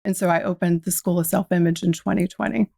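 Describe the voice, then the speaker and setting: A woman's voice: fairly low pitch, fairly even intonation, quick pace, creaky, dark tone, no room sound, studio quality. A woman from the South, speaking, tells her story reflectively as a guest in a podcast interview. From American South. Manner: reflective, uses quoted inner dialogue.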